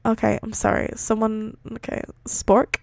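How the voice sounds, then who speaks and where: A woman's voice: fairly high pitch, a little slow, dry recording, clean studio sound. A woman streamer reading fan fiction aloud on a live stream, giggling and breaking off to react. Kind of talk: live-stream read-aloud with chatty asides.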